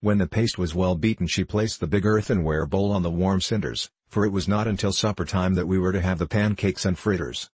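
Male audiobook narrator: very low, husky, steady measured read, dry close sound. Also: no echo.

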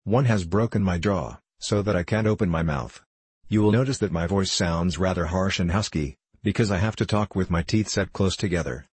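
A man voicing a husky, grumbling rock monster. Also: sits low, normal speed, darkish tone, no room sound. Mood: reproachful. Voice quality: harsh, husky, talking through clenched teeth. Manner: reproachful, bad-tempered, polite menace. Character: huge grumpy flying rock monster, male.

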